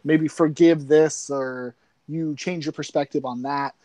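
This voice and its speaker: A man's voice: fairly high pitch, fairly even intonation, a little slow, mellow, dry recording. A young man chatting casually about films as a podcast guest, easygoing and hesitant in his phrasing. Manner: easygoing, hesitant, many fillers and restarts. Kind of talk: casual film discussion.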